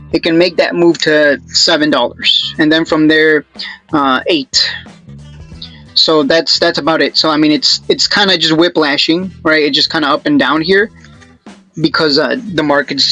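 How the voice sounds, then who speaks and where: A man's voice: on the high side, pushed and bright, rough recording. A man hosting his own channel, giving casual stock chart commentary in a rambling, joking way with lots of restarts.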